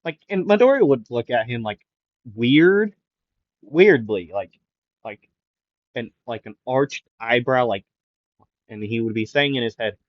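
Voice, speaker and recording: His mid-range voice has lively intonation as he unhurriedly improvises a fan story, leaving long pauses and rambling with fillers and restarts. He's recovering from a sore throat and avoids raising his voice. A dull lo-fi mic records him dry, with no room sound.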